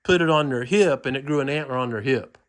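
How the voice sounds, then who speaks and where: A man hosting a hunting show, talking casually in a folksy, joking way with quick asides. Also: mid-range voice. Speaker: show host and deer hunter. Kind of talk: casual chat.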